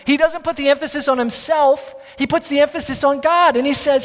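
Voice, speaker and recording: A male pastor preaches a sermon in a very high, light voice that rings out with a long hall reverb. His delivery is earnest, and he stretches out the key words for emphasis, with wry self-deprecating asides to the congregation. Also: fairly even intonation, brisk, hardly any pauses.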